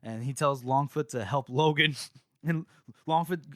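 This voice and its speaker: A young man co-hosting a podcast, retelling a book chapter in casual chat, animated and laughing as he acts out lines. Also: on the high side, a little slow, no room sound, studio quality.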